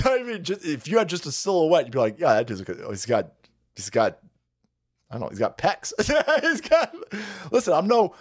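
Foul-mouthed ranting streamer man. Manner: crude, mocking, swings between high sarcastic mimicry and low grumbling. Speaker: livestream host. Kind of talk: profane political rant.

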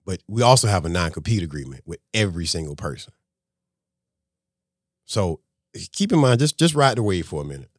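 A man, a restaurant owner and podcast guest, telling a story in a casual, animated way and acting out conversations. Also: low-pitched, a little fast, pauses often, no room sound, clean studio sound.

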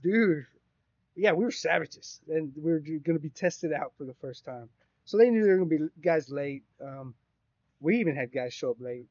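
Profane storytelling man, slightly high voice. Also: normal speed, dry recording. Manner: profane, rambling, animated retelling. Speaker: podcast co-host. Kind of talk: casual storytelling. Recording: dry, slightly dull sound.

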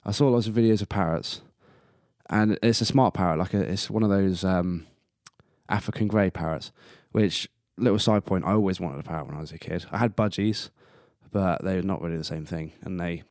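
Man, solo podcast host, rambling, casual swearing, low voice, dry close sound. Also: a little fast, darkish tone, no echo. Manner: rambling, chatty, swears casually, laughs at himself.

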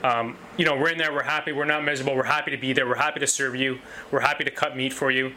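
Bright, eager-sounding butcher shop owner. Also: male voice, mid-range voice, steady tone, racing, a little hiss or hum. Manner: enthusiastic, repetitive, many restarts. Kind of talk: casual interview talk.

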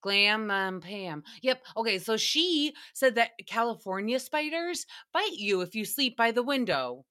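A young woman hosts a casual comedic recap, swearing freely and breaking into laughter as she goes. Her voice sits a little high with a bright, forward edge. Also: a little slow, hardly any pauses, smooth. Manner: profane, animated, laughs often. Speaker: podcast host.

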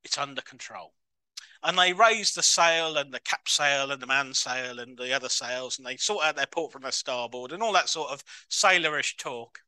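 A man giving a chatty, self-mocking sermon as a minister in a church, breaking into excited voices when he acts out others. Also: medium pitch, dry recording.

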